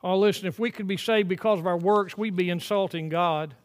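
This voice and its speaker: This sermon comes from an older male pastor with a high-pitched voice, speaking in a church sanctuary. His preaching surges emphatically to loud peaks and then sinks into quiet, lingering phrases.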